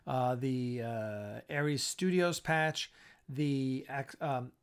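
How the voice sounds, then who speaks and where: A man with a smooth, mid-range voice speaks slowly while hosting a casual live-stream chat. He's tired and yawning, and he offers blunt, opinionated takes.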